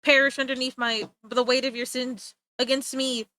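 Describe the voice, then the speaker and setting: Comic bit: a woman doing her own body as an ominous, doom-dealing force, pitched high. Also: little pitch movement, moderate pace, bright, forceful tone, dry recording. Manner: grandiose, ominous, melodramatic.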